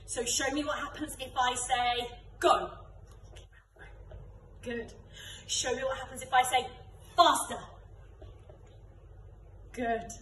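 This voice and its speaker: A woman's voice: high voice, steady tone, a little slow, pauses often, slight background noise. Upbeat young woman teacher in echoey studio. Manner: upbeat, calls out game commands loudly. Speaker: drama and dance teacher. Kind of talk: leading an online children's class. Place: dance studio room. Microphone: camera from a distance. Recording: echoey room, voice from far off.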